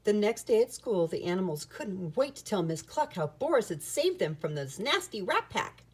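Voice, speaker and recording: A woman reading a children's picture book aloud in an expressive, sing-song storytelling manner. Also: mid-range voice, normal speed, breathy edge.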